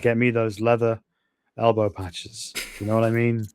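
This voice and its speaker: A man's voice: lowish voice, level tone, moderate pace, darkish tone, a little hiss or hum, close to an everyday voice. A man playing a self-deprecating former classmate who became an academic, speaking dryly. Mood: wry.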